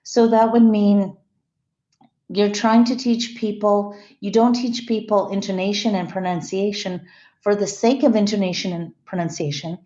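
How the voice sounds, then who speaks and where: A woman's voice: mid-range voice, fairly even intonation, moderate pace, mellow. A woman lecturing a class, explaining ideas step by step and often restarting or correcting her wording. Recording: echoey room, slightly dull sound.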